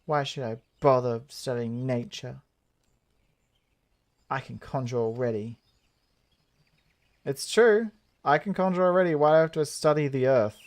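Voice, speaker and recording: A man's voice: mid-range voice, a little slow, pauses often, close to an everyday voice. A man voicing a sulky, dismissive young female conjurer student. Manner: bratty, dismissive.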